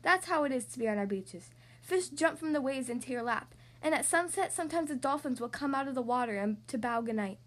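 A woman voicing a cheerful older grandmother in a read-aloud storybook, telling stories with lively warmth. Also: sits high, brisk. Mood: delighted.

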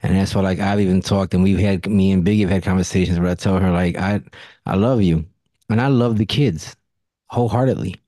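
A man's voice: deep voice, a little fast, mellow, dry recording, clean studio sound. A man hosting a casual podcast conversation, telling blunt stories and swearing freely. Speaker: podcast host.

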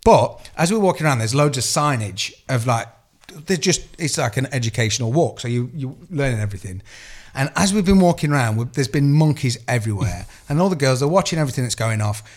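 A man's voice: mid-range voice, animated, quick pace. A man in his thirties, a podcast co-host telling rambling anecdotes in casual chat and swearing freely.

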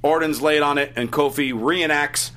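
A man hosting a podcast, casually recapping events in quick, quippy bursts. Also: a little high, sharp tone. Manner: brisk recapping, quick quips. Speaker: podcast host.

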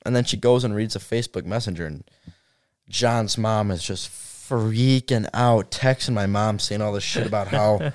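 A young man telling a story in a casual chat, animated and quick to jump in. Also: fairly low pitch, no room sound, studio quality. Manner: animated, quick to jump in and finish others' sentences.

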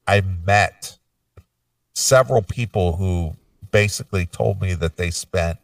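A man's voice: sits low, measured pace, gravelly, no echo, recorded from a distance. A man co-hosting a casual metal music podcast, rambling and laid-back with plenty of fillers, hiccuping now and then. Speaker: podcast co-host. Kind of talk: casual chat.

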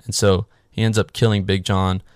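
A man's voice: fairly low pitch, flat delivery, moderate pace, smooth, no echo, studio quality. A man casually recapping a horror movie in a sarcastic, swearing, offhand way. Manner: sarcastic, swears freely, filler "like".

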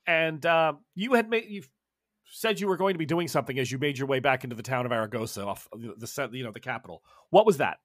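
A man's voice: mid-range voice, fast, a bit bright, no echo, studio quality. A man running a tabletop role-playing game, narrating casually with lots of fillers and restarts. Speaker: game master.

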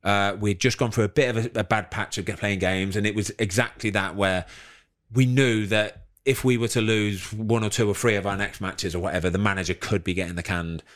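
Man, low voice, relaxed, chatty, casual podcast storytelling. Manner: relaxed, chatty, quick reactions. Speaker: podcast co-host, former footballer.

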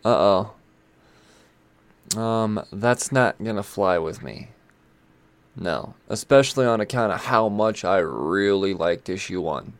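A man's voice: lowish voice, expressive, slow, pauses often, no room sound. Guy rambling about new comics, crude and chatty, dry close sound. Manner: rambling, chatty and irreverent, with frequent swearing and asides. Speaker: comic book video host. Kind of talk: casual commentary on upcoming comics.

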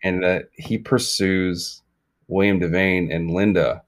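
Man, lowish voice, rambling, animated, comedy podcast banter. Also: slow pace. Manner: rambling, animated, repeats himself. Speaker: podcast co-host. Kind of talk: comedic improvised riffing.

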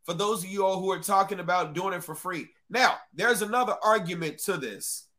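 Brief: livestream host, casual and profane, with a fairly high, bright voice. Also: male voice, fairly quick. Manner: casual, profane, talks straight to chat.

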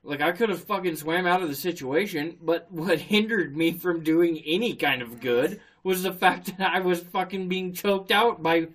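A man's voice: high voice, a bit bright. Profane, laughing male storyteller. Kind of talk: casual chat.

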